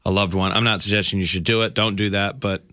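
A man hosting a morning radio show in casual chat, joking and animated, who often breaks into loud mocking impressions. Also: low-pitched, fast talker, dry recording, studio quality.

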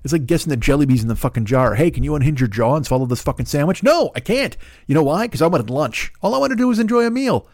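A man's voice: medium pitch, darkish tone, no room sound, clean studio sound. A man hosting a podcast, ranting in a profane, exasperated and rambling comedic way. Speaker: podcast host.

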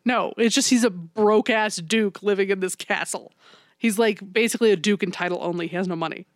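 A woman's voice: medium pitch, brisk, no room sound, studio quality. A woman in casual chat, animatedly retelling a movie plot, swearing freely and acting out the characters' lines.

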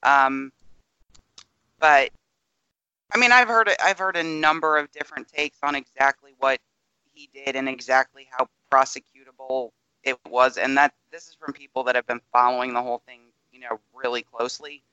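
A man co-hosting a podcast, explaining political news in a measured, careful way with some hesitations. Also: mid-range voice, pushed and bright, smooth, highs cut off. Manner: measured, explanatory, hedging with ums. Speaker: podcast co-host. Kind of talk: casual political chat.

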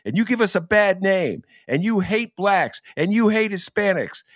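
A man's voice: a little high, steady tone, normal speed, creaky, fairly bright tone, clear, resonant tone, no room sound, studio quality, voice pushed up. A man voicing an angry rally-goer who curses out people across the street. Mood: furious. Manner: furious, threatening, cursing. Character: angry man in red yelling at rally hecklers.

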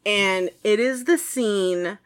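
A woman's voice: medium pitch, slow pace. A woman in her thirties co-hosting a casual movie podcast, telling a story in an emotional, rambling way and laughing often. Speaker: podcast co-host.

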